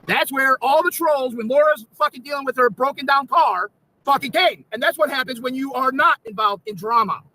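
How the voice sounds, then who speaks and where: A man's voice: very high-pitched, fairly quick, sharp tone, no echo, low-quality recording. A man ranting angrily on a livestream, swearing constantly and repeating himself in indignation. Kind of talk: angry livestream rant.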